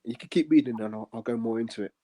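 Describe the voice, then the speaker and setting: A man co-hosting a religious discussion, explaining scripture in an earnest, measured way with many pauses. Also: mid-range voice, warm tone.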